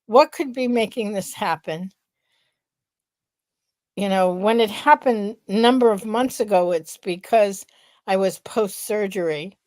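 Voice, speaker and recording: A middle-aged woman who speaks slowly and reflectively, thinking things through out loud. Her voice sounds dry and close, with no room around it. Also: mid-range voice, no echo. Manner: slow, reflective, thinks aloud. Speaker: podcast co-host, researcher. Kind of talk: casual podcast chat.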